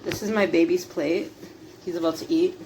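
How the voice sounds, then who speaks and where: A woman's voice: lowish voice, steady tone, moderate pace, darkish tone, a little hiss or hum. A young woman vlogging at home while cooking, chatty and laughing, swearing casually. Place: home kitchen.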